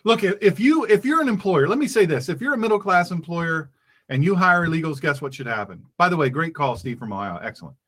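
A man's voice: a little high, lively intonation, quick pace, fairly bright tone. Fervent male talk radio host. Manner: fervent, emphatic, repeats phrases for effect. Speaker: radio show host and pastor. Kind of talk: political talk radio monologue.

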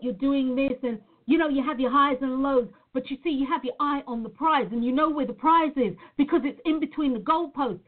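A woman with a fairly high voice speaks earnestly and reflectively, calling her viewers "guys" in a casual spiritual talk. The sound is tinny and narrow, as if carried over a phone line. She comes across as a reflexologist from Nevada. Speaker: reflexologist sharing a personal reflection.

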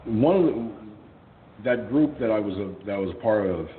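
Man, low voice, lively pitch, blunt profane storytelling, radio host, tinny phone-like sound, echoey. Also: normal speed. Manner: blunt and profane, animated retelling. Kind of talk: casual storytelling. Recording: echoey tinny phone-like line with faint hum.

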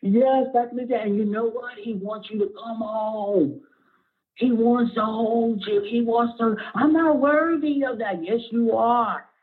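A woman's voice: on the high side, steady tone, a little slow, husky. A middle-aged woman pastor preaching a sermon with passion, at times close to tears, calling for responses from the congregation. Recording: tinny phone-like audio.

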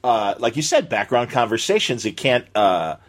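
A man hosting a podcast interview, a former radio man, chatting casually and chiming in with quick, friendly agreements. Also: mid-range voice, big pitch swings.

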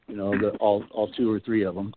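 A man's voice: fairly low pitch, flat delivery, fast, a little hiss or hum. A middle-aged man telling a long personal story in a casual, rambling way, full of "you know" and "like", as a guest on a radio show. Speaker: Bigfoot researcher guest. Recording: tinny phone line.

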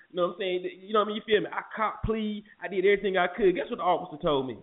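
Animated male talk host, profane and preachy, muffled lo-fi phone line. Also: high-pitched, racing, hardly any pauses. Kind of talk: casual chat.

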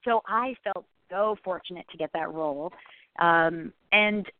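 A woman's voice: on the low side, a little slow. A woman, an actress and guest, chatting in a call-in interview, talking freely with many fillers and restarts. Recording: dry tinny phone line.

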